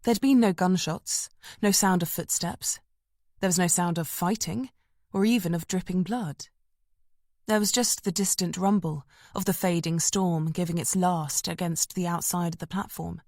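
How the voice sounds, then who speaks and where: A woman narrates a thriller audiobook in a measured, tense storytelling manner. Her voice sits low for a woman, and the recording is dry and close. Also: a little mellow, dry recording. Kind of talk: scripted narration.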